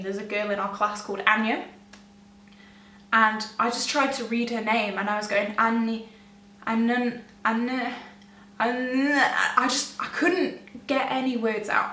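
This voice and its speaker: A young woman speaks casually to her camera, her fairly high voice wandering through the story with restarts and nervous little laughs. She sits some way from the mic in an echoey room, with a faint hum underneath. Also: bright, forceful tone, distant mic. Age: young adult. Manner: rambling, self-interrupting, laughs nervously. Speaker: vlogger.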